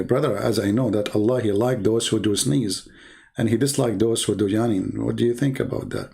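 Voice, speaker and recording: A man's voice: fairly low pitch, fairly even intonation, fairly quick, creaky, mellow. A man hosting a call-in debate show, talking in a sarcastic, rambling way full of fillers. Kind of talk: casual mocking monologue.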